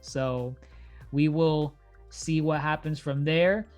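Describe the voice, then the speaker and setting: A man's voice: on the high side, fairly even intonation, slow, faint music behind. A man hosting a casual podcast about TV shows, chatting loosely and laughing between his points. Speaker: podcast host.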